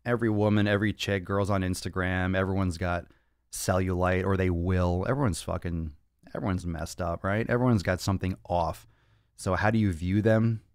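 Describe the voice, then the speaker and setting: Fielding viewer questions in a casual fitness podcast livestream, a young man jokes brashly and curses from his home studio with its monitors and cameras. He has a deep, clean-toned voice, keeps a steady tone at a moderate pace, and there's no echo.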